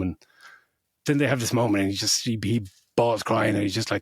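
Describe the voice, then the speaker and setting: A man's voice: on the low side, steady tone, fairly quick, slightly rough, dry recording, studio quality. A middle-aged man co-hosting a podcast, gushing about a film in casual chat, swearing freely and tripping over restarts. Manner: emotional when retelling scenes. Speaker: podcast co-host.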